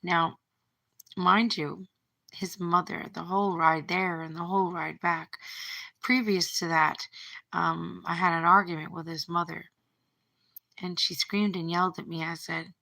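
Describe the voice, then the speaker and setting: A woman's voice: on the low side, little pitch movement, measured pace, gravelly, sharp tone. A middle-aged woman talking through a breakup on a phone livestream, rambling and repeating her words as she retells what was said. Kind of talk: emotional personal monologue.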